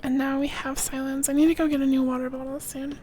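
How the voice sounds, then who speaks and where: High-pitched giggly streamer woman. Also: flat delivery, fast, a little hiss or hum. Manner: giggly, reads text aloud, thinks out loud. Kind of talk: live game stream commentary.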